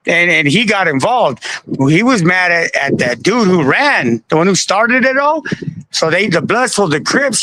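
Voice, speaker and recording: A man guest on a live stream, telling a story in an animated, slangy way with laughs. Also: high-pitched, unhurried, dry recording, low-quality recording. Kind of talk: casual storytelling. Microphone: live stream call.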